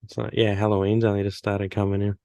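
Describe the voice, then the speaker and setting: A man's voice: on the low side, flat delivery, fast, dark tone. A man from Australia, interviewing a guest in an easygoing way over a video call. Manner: easygoing, agreeable listener. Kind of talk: casual interview chat.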